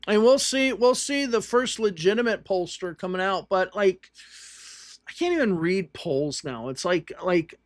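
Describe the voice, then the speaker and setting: A man with a high voice rambles through election returns, restarting his sentences as he goes. The sound is close and dry, with no room around it, and he talks like a host chatting on a livestream. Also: lively intonation, a little slow, dry recording. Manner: rambling, restarts, thinks aloud while reading results. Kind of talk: casual live commentary on election results.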